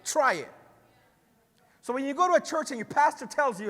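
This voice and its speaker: ऊँची आवाज़ वाला जोशीला पादरी, हॉल की गूँज. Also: male voice, very high-pitched, lively intonation, normal speed, big-room sound. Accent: Spanish-influenced English. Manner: passionate, builds to shouting, conversational asides. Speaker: pastor. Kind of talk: sermon.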